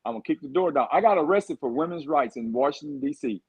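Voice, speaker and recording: Husky fired-up man. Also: fairly high pitch, lively intonation, fast talker, poor audio. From Texas. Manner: fired-up, rambling campaign talk. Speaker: candidate for governor, guest. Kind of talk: podcast interview.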